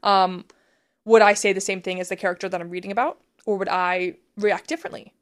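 A woman talks through a prayer method on a faith podcast, earnest and chatty, with a middle-pitched voice. She lays things out step by step, dropping casual "like"s as she goes. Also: steady tone, a little fast. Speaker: podcast co-host teaching prayer practice.

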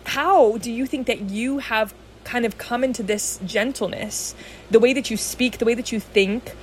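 A woman's voice: a little high, normal speed, slight background noise. A woman hosting a podcast, talking in an enthusiastic, chatty way and laughing easily. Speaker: podcast host. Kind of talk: casual chat.

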